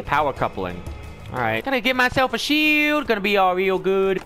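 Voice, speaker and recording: Excitable high-voiced man shouting over gameplay. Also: moderate pace, over music. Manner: loud, joking, shouty reactions to gameplay. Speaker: gaming YouTuber. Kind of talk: let's play commentary.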